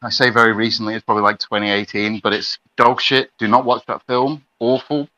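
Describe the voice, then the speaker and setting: Blunt bright-voiced man. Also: lowish voice, steady tone, brisk, lo-fi sound. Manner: blunt, crude. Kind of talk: casual chat.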